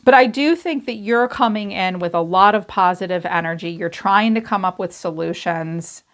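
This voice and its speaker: A woman's voice: mid-range voice, moderate pace. A woman giving a casual tarot reading, talking candidly and chattily and swearing freely. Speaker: tarot reader.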